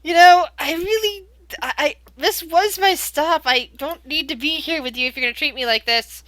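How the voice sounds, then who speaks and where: A woman's voice: high voice, moderate pace, fairly bright tone, no room sound, pitched above the performer's own voice. A woman voicing a sulky, self-pitying male traveling companion who talks in a singsong way in a tabletop game.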